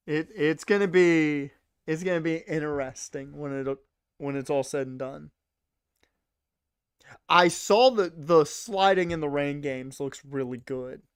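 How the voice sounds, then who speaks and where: A man's voice: fairly high pitch, smooth, dry recording, studio quality. A young man rambling casually to his chat while streaming a game. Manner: rambling, chatty, talks to chat.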